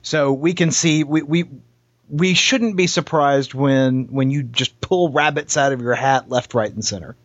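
A man's voice: mid-range voice, measured pace, fairly bright tone, no room sound. A man hosting an interview, playful and joking in casual chat. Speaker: podcast host. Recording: dry, slightly dull sound.

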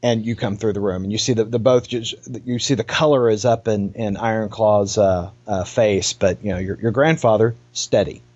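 A man's voice: fairly low pitch, steady tone, moderate pace, hardly any pauses, darkish tone. Rambling male game master. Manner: rambling, full of fillers. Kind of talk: narrating a tabletop game. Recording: dull lo-fi.

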